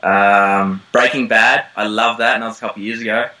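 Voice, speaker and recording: Australian man, lowish bright voice, easygoing interview guest, loose rambling delivery. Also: a little fast, low-quality recording. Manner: relaxed, rambling with many ums and laughs. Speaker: actor guest. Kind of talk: casual interview chat. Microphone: call line.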